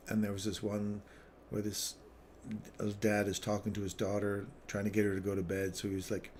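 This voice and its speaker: A man with a somewhat low voice runs a casual live trading stream. He drifts into rambling, chuckle-filled stories, then thinks aloud as he works through the chart. Faint background noise sits under his voice. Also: level tone, moderate pace, a little mellow. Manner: rambling, chatty anecdotes with frequent chuckles.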